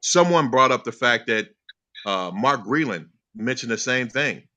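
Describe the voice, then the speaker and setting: A man's voice: mid-range voice, lively intonation, a little slow, sharp tone. A man in a barbershop debate, speaking emphatically and growing passionate as he argues. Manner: emphatic, rising to passionate insistence. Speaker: panelist.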